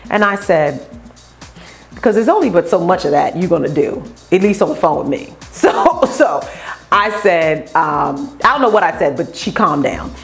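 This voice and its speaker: A woman who owns a beauty company tells customer stories in an animated way and acts out the voices of the people in them. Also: on the low side, normal speed, soft background music. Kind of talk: storytelling vlog.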